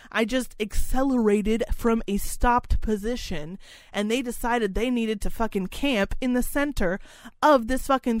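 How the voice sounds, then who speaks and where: A woman co-hosting a podcast, telling a rant-style story with lots of swearing and excited outbursts, close to a studio mic. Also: a little high, no echo. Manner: profane, animated, gets loud and excited. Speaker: podcast co-host. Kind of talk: casual storytelling chat.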